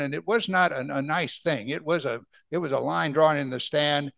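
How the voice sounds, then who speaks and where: A man preaches from scripture in a somewhat high, gravelly voice. He slows down to read verses aloud and keeps asking his listeners questions. The sound is dry and close, with no room echo. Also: fairly even intonation, a bit bright. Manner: explains Bible verses with rhetorical questions. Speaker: pastor. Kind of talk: sermon.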